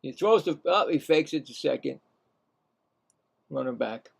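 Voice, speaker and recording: A man giving casual, rambling live baseball play-by-play, chatting to himself between pitches and rising sharply in pitch on the calls. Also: lively intonation, a little slow, creaky, husky. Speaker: play-by-play commentator.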